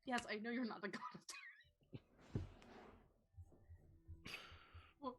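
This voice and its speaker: A woman's voice: on the high side, huge pitch swings, a little slow, a bit bright, husky, rough recording. A woman playing a live tabletop game, hesitant and often laughing. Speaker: player. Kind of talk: casual game talk.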